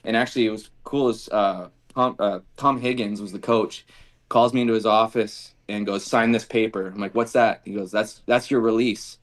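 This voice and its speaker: A man's voice: on the low side, normal speed. A man, a guest on a podcast, telling casual stories and acting out the dialogue of the people in them. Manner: animated storyteller acting out quoted dialogue. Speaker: podcast guest, former football kicker. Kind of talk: casual storytelling interview.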